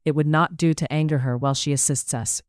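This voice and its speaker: A narrator voicing a patient, composed young woman in an audiobook, polite and measured. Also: mid-range voice, steady tone, no room sound, studio quality, close to an everyday voice. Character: patient, composed eldest daughter. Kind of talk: audiobook character voice.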